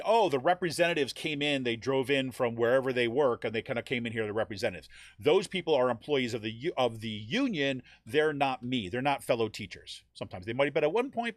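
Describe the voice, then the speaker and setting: A man's voice: fairly bright tone, dry recording, studio quality. A man hosting a live talk show, explaining union issues in a casual, conversational way and often checking in with "right?". He sometimes lifts his voice to act out what other people say. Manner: explanatory, keeps asking "right?"; acts out quoted voices with rising pitch. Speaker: podcast host.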